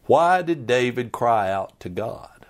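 A man preaching a sermon to his church, slow and emphatic, sometimes dropping to a hush. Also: mid-range voice, lively intonation. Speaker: pastor.

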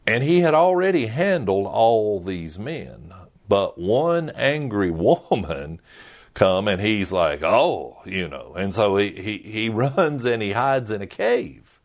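A middle-aged man preaching a sermon as a pastor, earnest and emphatic with dramatic pauses. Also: lowish voice, very animated.

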